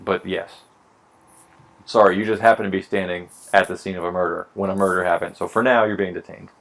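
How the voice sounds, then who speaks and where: A man with a low, gravelly voice holds forth in casual podcast chat, swearing freely and slipping into mock dialogue. He sounds a little tipsy and wry. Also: steady tone, a little fast, a bit bright. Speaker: podcast co-host explaining police hiring.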